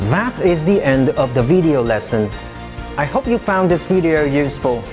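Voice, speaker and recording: Man, English pronunciation teacher, scripted lesson, clearly articulated, slightly high voice. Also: sing-song, a little mellow, faint music behind. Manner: slow, careful, clearly articulated.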